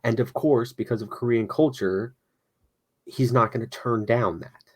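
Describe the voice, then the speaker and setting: A man's voice: medium pitch, a little slow. A man co-hosting a casual political chat show, explaining his views in a matter-of-fact way. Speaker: podcast co-host.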